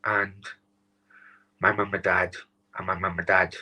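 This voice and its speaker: A man's voice: low voice, flat delivery, bright, forceful tone, low-quality recording. Upset man on a live stream. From Wales. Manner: upset, halting, swears, many restarts. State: close to tears. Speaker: channel host.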